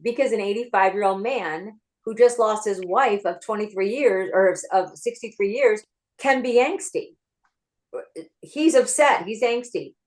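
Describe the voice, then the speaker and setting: A screenwriter and former actress tells her story in an interview over a video call from her home office, chatty and animated. She speaks in an unhurried mid-range voice, and the audio is poor.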